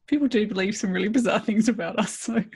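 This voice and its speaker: A woman with an Australian accent, hosting a casual chat over a video call in a quick, wry way. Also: mid-range voice, a little mellow, husky. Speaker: host.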